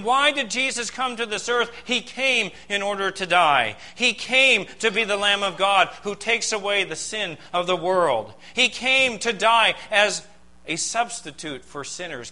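A pastor delivering a sermon. He preaches emphatically, with dramatic pauses and rhetorical questions. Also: high-pitched, bright, forceful tone, low-quality recording.

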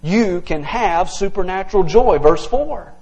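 A man's voice: sits high, animated, measured pace, darkish tone, slightly rough, low-quality recording. A male pastor preaching an earnest, emphatic evening sermon to his congregation, teaching verse by verse.

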